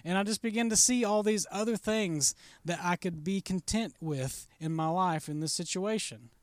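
A pastor tells a story from the pulpit in an easy, conversational way, voicing his own thoughts as he goes. His voice sits high for a man and rings smooth and resonant. The sound is close and dry, with no room around it. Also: moderate pace, no room sound. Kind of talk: storytelling sermon.

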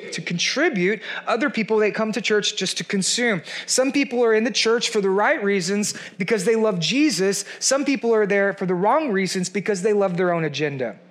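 A man preaches in a loose, conversational style with a fairly high voice. He mixes teasing sarcasm into the message and acts out voices to land his points. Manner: animated, conversational, playfully sarcastic. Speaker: pastor. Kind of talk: sermon.

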